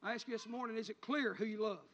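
A man preaching a sermon in a church, swelling into loud, fervent preaching with country turns of speech. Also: high voice, fast talker. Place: church sanctuary. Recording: hall reverb, dull lo-fi sound.

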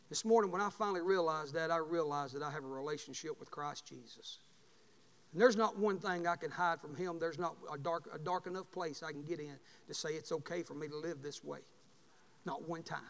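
A man's voice: on the high side, a bit bright. A man preaching a fervent, folksy sermon in a church. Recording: long reverb in a church hall.

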